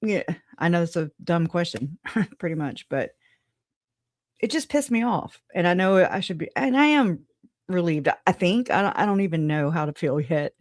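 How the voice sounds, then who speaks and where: A woman's voice: lowish voice, animated, normal speed, no echo, studio quality. A woman hosting a casual livestream, greeting viewers by name, chatty and frank, laughing often. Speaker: livestream host.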